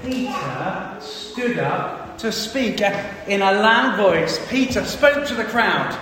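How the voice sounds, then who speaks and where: A man leads a church family talk, animated and quizzing the children as he reads from the Bible. His fairly high voice rings out in a big echoey hall with a long reverb tail. A faint hum of the room sits behind him. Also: takes it slowly, few pauses. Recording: echoey hall, distant mic.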